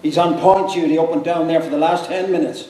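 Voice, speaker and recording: A man reading aloud and voicing a gruff, pompous old Dublin man with a Dublin accent. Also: fairly high pitch, fairly even intonation, brisk, warm tone, close to an everyday voice. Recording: echoey hall, mic from far off.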